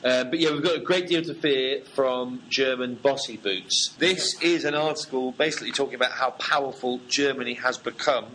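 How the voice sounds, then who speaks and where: A man's voice: mid-range voice, moderate pace, hardly any pauses, pushed and bright, slight background noise, low-quality recording. A middle-aged man co-hosting a comedy podcast, chatty, reading out headlines and playing along with the jokes. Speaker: podcast co-host. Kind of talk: satirical comedy chat.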